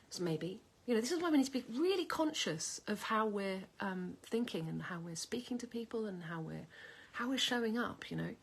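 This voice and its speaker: A middle-aged woman, talking casually and at length to camera at home in a chatty, animated way. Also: medium pitch, breathy edge. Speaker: vlogger.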